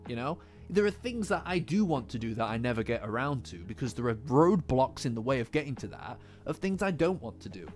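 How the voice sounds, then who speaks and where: A man's voice: medium pitch, big pitch swings, a little fast, few pauses, a little mellow. A man casually chatting with his live-stream chat, rambling and swearing, often breaking into laughter. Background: faint lofi music.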